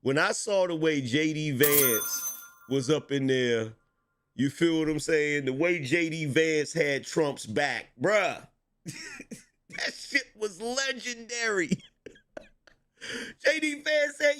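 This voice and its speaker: Animated, slangy male commentator. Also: on the high side, slow, long pauses. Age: middle-aged. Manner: slangy, laughing, animated storytelling with restarts. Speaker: political commentator. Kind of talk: casual reaction commentary.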